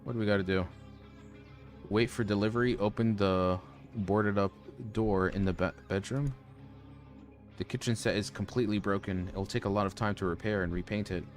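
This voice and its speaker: A man's voice: fairly low pitch, steady tone, moderate pace, faint music behind. A man streaming a horror game, reading its lines aloud with joking asides. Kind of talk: casual let's-play commentary.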